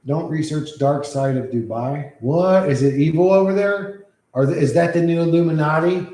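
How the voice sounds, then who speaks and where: A man's voice: fairly high pitch, normal speed, warm tone. A man chatting on a casual livestream, rambling and swearing freely as he reacts to chat. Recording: echoey room.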